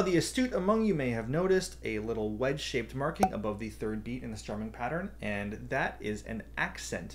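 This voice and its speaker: Over ukulele playing that runs throughout, a medium-pitched man gives a step-by-step beginner ukulele lesson and counts the beats out loud. A little hiss or hum is audible in the recording.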